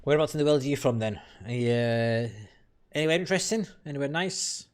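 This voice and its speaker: A man's voice: medium pitch, expressive, fast talker, clean tone. British male streamer, blunt, profane and opinionated, casual chat with viewers, mid-range voice. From United Kingdom. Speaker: game streamer. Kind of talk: casual live-stream chat while playing.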